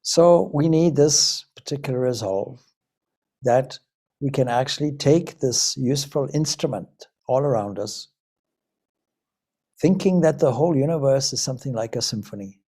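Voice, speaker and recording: A man from Zimbabwe gives a spiritual talk as a Vedanta swami. His voice is mellow and a little husky, and he speaks reflectively, posing question after question to his listeners. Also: medium pitch, normal speed. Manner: reflective, many rhetorical questions. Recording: Ireland talk.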